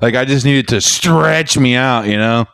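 A loud, brash young man co-hosting a podcast, cracking crude jokes in casual banter on a studio mic. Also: mid-range voice, moderate pace, creaky, clean tone, no echo. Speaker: podcast co-host.

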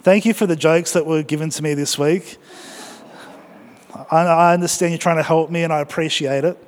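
A man preaches to his congregation with energy and humor, his voice high and lively. It rings through a church with a long reverb. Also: brisk. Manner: energetic, joking, exhorting the congregation. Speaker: pastor. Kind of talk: sermon.

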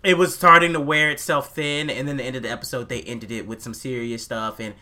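A man co-hosting an anime podcast, ranting in a casual, profane, animated way and acting out quotes. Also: mid-range voice, a little fast. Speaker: podcast co-host. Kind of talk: casual chat, anime review.

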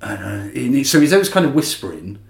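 A man's voice: mid-range voice, very animated, quick pace, gravelly. Rambling man in a roomy room. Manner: chatty, rambling with restarts, laughs often. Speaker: podcast co-host. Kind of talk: casual chat. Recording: roomy echo.

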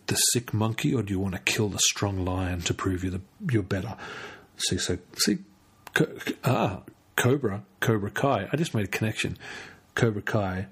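Husky-voiced man rambling through a podcast. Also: lowish voice, a bit bright. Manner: rambling, stumbles over words, many fillers. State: tired, late at night. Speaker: podcast host. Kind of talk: solo casual podcast chat.

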